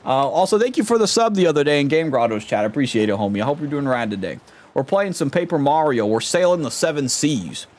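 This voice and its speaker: Excitable, slangy male streamer. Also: a little high, quick pace. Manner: excitable, slangy, laughs a lot. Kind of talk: let's play stream commentary.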